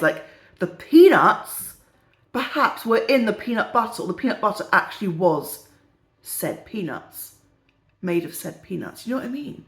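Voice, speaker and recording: A woman's voice: medium pitch, roomy sound. A middle-aged woman, chatting casually and joking in a rambling, giggly way as a perfume vlogger. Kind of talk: casual chat.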